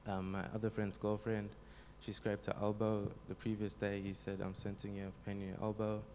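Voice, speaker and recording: Young man, low and flat, telling a testimony, faint room noise behind. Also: normal speed. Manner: plain, storytelling, frequent ums. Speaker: congregation member giving a testimony. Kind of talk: spoken testimony.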